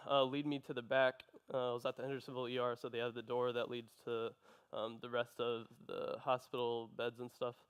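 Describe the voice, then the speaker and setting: A young man giving an earnest personal testimony, telling his story in a halting way. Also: mid-range voice, clear, resonant tone. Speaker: testimony speaker.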